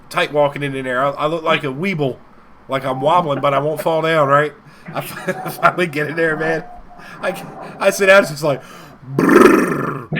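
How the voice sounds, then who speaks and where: A man's voice: fairly high pitch, noisy background. A man co-hosting a live stream show, telling long rambling stories and laughing often. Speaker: co-host. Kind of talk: casual chat.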